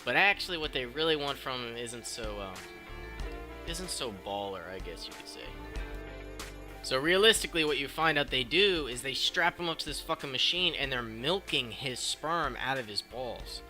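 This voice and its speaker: Bright-voiced, profane young vlogger man. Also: medium pitch, moderate pace. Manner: profane, excitable, rambling. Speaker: film review vlogger. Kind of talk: casual film recap. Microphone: cheap mic. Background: background noise and faint music.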